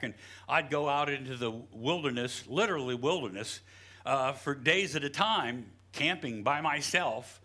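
The middle-aged West Virginia pastor's sermon comes across in a medium-pitched, bright, forceful male voice. He keeps it folksy and humorous, telling stories and repeatedly saying "you know."

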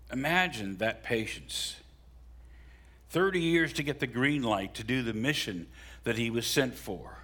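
A middle-aged male pastor preaching a sermon, animated, with sudden rises for emphasis and asides to the congregation. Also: medium pitch.

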